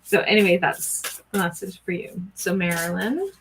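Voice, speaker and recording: A woman's voice: fairly low pitch, normal speed, noisy background. A middle-aged woman doing a live-stream oracle card reading, chatting with viewers and greeting them by name. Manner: chatty, warm greetings to viewers, gushing excitement.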